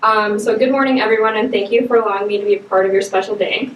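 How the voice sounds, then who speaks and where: A woman's voice: medium pitch, fairly even intonation, quick pace, slight background noise. Young woman giving a casual congratulatory speech. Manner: warm, casual, addresses the audience as "you guys". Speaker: student government vice president. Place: ceremony hall, at a podium. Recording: echoey hall, far from the mic.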